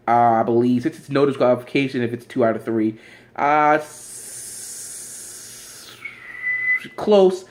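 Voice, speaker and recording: A man's voice: mid-range voice, a little mellow. A young man in a casual vlog monologue, rambling along with frequent restarts. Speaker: vlogger. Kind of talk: casual fantasy-booking monologue.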